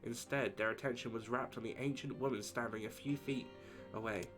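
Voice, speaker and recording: A man's voice: mid-range voice, fairly quick. Man reading aloud over game music. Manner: steady reading, casual asides to chat. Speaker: streamer. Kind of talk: reading game text aloud on a live stream.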